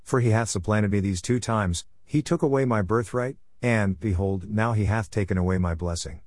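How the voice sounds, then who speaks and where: Grieving elder son, pleading and bitter, low voice, read by a man. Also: normal speed, darkish tone, no echo, studio quality, close to an everyday voice. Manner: pleading scripture cadence.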